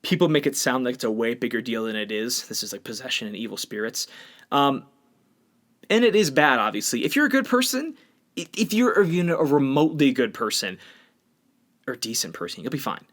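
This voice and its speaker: A man's voice: mid-range voice, sing-song, fairly quick, fairly bright tone. A man co-hosting a podcast, talking bluntly and with strong opinions in a casual discussion. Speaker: podcast co-host.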